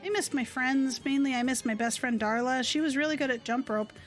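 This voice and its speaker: A woman's voice: high-pitched, a little fast, soft background music, close to an everyday voice. A woman reading as a glum, listless little girl. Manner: flat, listless, mumbling.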